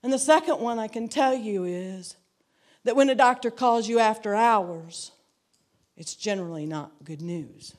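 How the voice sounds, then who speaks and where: A woman's voice: medium pitch, a little mellow. A woman giving a personal testimony to a church, earnest and reflective, repeating phrases for emphasis. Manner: acts out quoted dialogue in her story.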